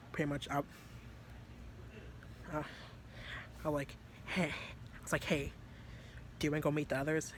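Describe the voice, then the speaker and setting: A man telling a story to his viewers in a rambling, casual way, full of fillers and casual swearing, mostly soft-spoken. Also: mid-range voice, a little hiss or hum. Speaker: vlogger.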